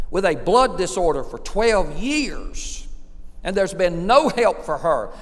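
A man preaches in a church sanctuary, his voice rising and falling in wide, lively swings. His tone sits a touch higher than most men's, with dramatic pauses between phrases. A long reverb trails every line through the big hall. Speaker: pastor. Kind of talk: sermon.

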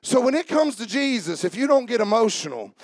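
Man, pastor, sermon, fervent preaching that rises to shouts, gravelly, dry close sound. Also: extremely high pitch, fairly quick, no echo. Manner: drops into mock-calm voices for jokes.

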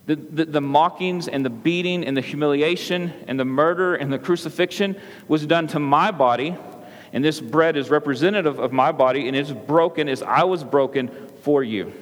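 A man in his thirties preaching a sermon in a church, talking conversationally and often checking in with "right?". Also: fairly high pitch. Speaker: pastor. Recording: long hall reverb.

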